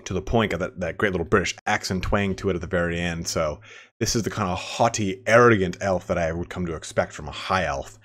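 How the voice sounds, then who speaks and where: A man's voice: low voice, brisk, a bit bright. A man giving casual, rambling game commentary, full of fillers and restarts. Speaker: gaming commentator.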